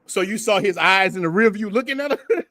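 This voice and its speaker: A man hosts a loose group conversation in a slangy, joking way, laughing often. His voice sits a touch above the usual male pitch. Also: lively intonation, brisk, bright, forceful tone. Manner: slangy, laughs often, calls others big dog. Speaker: host. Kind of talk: casual group chat.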